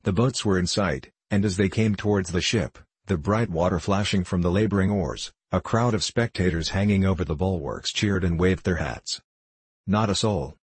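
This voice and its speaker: A man narrating a novel in a steady, measured audiobook reading. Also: deep voice, husky, no room sound.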